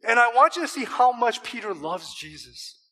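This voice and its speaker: Bright high-voiced male preacher. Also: big pitch swings, moderate pace. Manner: emphatic, asks the listeners rhetorical questions. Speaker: pastor. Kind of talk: sermon.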